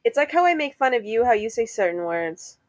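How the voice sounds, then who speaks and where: A young woman chatting casually as a podcast co-host, playful and quick to laugh. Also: a little high, big pitch swings, no room sound. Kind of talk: casual chat.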